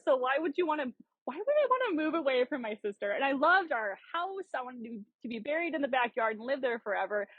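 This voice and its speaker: A bubbly woman in her thirties from South Dakota, with a high voice, tells her story as a podcast guest in a casual interview. She's animated, laughs often, and uses many "like" fillers, and the recording is dry with narrow, tinny audio.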